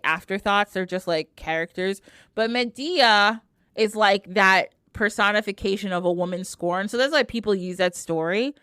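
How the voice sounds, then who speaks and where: Animated woman retelling a myth. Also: medium pitch, smooth, no echo, studio quality. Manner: animated, heavy use of "like". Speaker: podcast guest. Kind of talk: casual storytelling.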